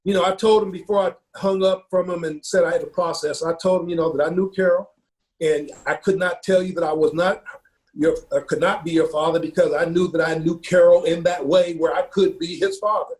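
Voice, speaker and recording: A man, a football coach from Ohio, telling a personal story in an earnest, halting way, with many fillers and repeated words. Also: fairly high pitch, fairly even intonation, darkish tone.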